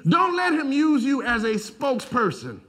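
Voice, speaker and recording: A male pastor preaching a sermon, building from low talk to shouted lines and laughing as he goes. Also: big pitch swings, normal speed.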